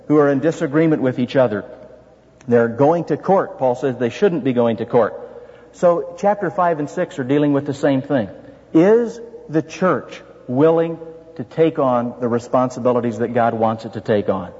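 Man, pastor, preaching a sermon, rhetorical questions, breathy voice, dull lo-fi sound. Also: a little high, a little mellow. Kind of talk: expository sermon. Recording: dull reverberant hall sound.

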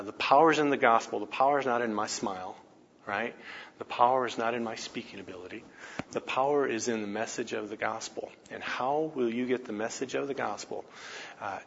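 A man's voice: medium pitch, gravelly, sharp tone. A campus minister giving a conversational teaching talk, telling stories and often checking in with his listeners with tag questions. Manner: storytelling, frequent tag questions. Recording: dull lo-fi recording, faint noise.

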